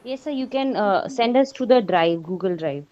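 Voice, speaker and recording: A woman speaks up as a student in an online class, polite and a little hesitant, with pauses as she finds her words. Her voice sits at an ordinary middle pitch. It arrives through dull, lo-fi video-call audio. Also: animated, darkish tone. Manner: polite, hesitant, addresses the teacher as sir. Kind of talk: class discussion.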